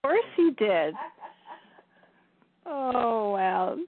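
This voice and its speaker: A woman's voice: on the high side, very animated, very slow. A woman channeler chatting in a bubbly, exclamatory way, often laughing. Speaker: channeler and co-presenter. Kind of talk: casual spiritual chat. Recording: tinny call line.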